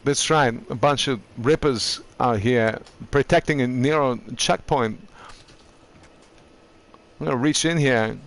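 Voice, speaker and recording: A man doing animated, joking commentary while streaming a video game and talking to his chat. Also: mid-range voice, measured pace. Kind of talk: gaming commentary.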